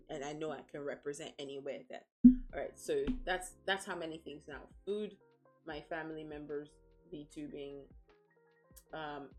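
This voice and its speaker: A woman's voice: low voice, a little mellow. A woman streaming as a VTuber, chatting casually in a blunt, profane, playfully dramatic way and laughing often. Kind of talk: casual livestream chat.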